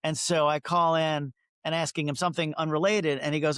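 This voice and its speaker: A man's voice: fairly high pitch, quick pace, fairly bright tone, no echo. Chatty middle-aged man telling stories. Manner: chatty, self-interrupting, acts out quoted dialogue. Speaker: photographer, interview guest. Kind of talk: casual storytelling interview.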